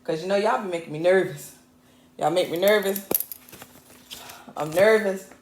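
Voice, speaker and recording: A woman's voice: fairly low pitch, animated, moderate pace, pauses often, roomy sound, a little hiss or hum. A woman hosting a livestreamed talk show on her own, impassioned and joking, calling her viewers y'all. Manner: impassioned and fired up, mixing jokes with anger; chatty, addresses viewers as y'all. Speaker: host and technical producer. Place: home show set. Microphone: camera mic.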